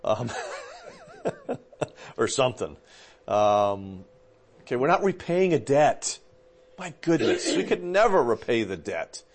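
A man teaching as a pastor, chatty and informal, often pausing on fillers and checking in with his listeners. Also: mid-range voice, huge pitch swings, breathy edge. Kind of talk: conversational teaching.

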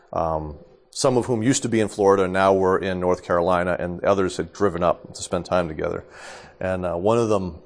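A middle-aged male pastor teaches scripture in a relaxed, chatty way, often pausing to ask "okay?" and breaking into a laugh. His voice sits a bit low and sounds a little congested from allergies. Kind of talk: informal Bible teaching.

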